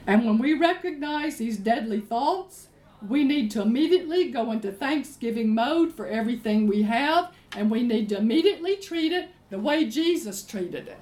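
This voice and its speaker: A woman preacher, giving a sermon in an emphatic, animated storytelling way. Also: a little high, normal speed. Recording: roomy echo, faint ambience.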